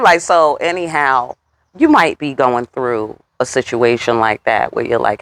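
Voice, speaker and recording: A woman's voice: unhurried, gravelly, no echo. Sassy woman giving a tarot reading. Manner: sassy, talks straight to viewers, curses freely; swoops up in pitch on rhetorical questions. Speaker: tarot reader.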